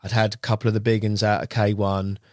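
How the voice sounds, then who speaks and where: Male guest, casual storyteller, low pitch, dry close sound. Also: little pitch movement, quick pace, no echo. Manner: rambling, chatty, often slips into quoting others. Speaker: guest angler.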